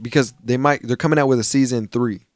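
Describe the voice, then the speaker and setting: A young man co-hosts a podcast in casual conversation, retelling scenes full of slang and swearing while acting out each character. He talks fast at a medium pitch, and the studio sound is clean with no echo.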